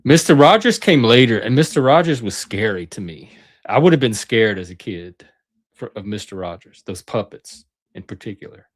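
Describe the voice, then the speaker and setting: A middle-aged channel host with a fairly low, expressive voice looks back on old times at normal speed. It's a relaxed, wandering monologue, full of chatter and sentences he abandons partway.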